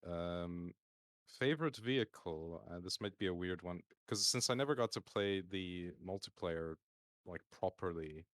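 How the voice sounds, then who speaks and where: A man's voice: low-pitched, a little slow, no echo. A man chatting casually on a stream roundtable, talking in a rambling, hesitant way full of fillers and restarts, over a call mic. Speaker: community roundtable guest. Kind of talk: casual panel chat on a stream.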